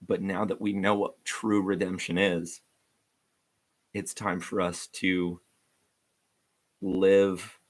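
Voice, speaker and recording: A man giving an informal, earnest devotional talk to viewers, rambling with frequent restarts. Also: low-pitched.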